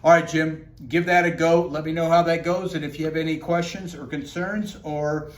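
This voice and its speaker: A man's voice: a little high, normal speed. A man giving a casual how-to demonstration of a self-massage tool, talking through each step as he works. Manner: relaxed, talks through each step as he works, calls the viewer buddy. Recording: echoey room with faint ambient noise.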